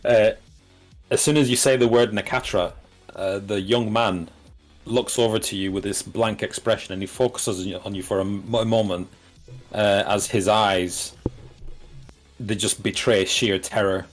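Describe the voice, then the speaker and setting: A man's voice: fairly low pitch, steady tone, normal speed, faint music behind. A man running a tabletop game as game master, narrating in a hesitant way with many fillers and restarts.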